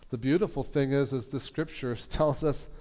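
A middle-aged pastor with a mid-range voice preaches to his congregation at a moderate pace, telling a story and acting out its characters in lively quoted voices. The church hall gives the recording a long reverb.

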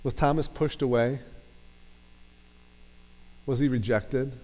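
Slow easygoing preacher guy asking the crowd questions, big hall reverb, low hum behind. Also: fairly even intonation, darkish tone. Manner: conversational preaching with rhetorical questions. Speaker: pastor. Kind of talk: sermon.

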